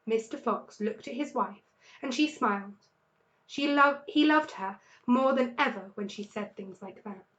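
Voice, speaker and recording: A woman's voice: a little high, unhurried, lo-fi sound. English woman reading a children's story. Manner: expressive, lively storytelling. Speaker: teacher reading to pupils. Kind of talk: storybook read-aloud.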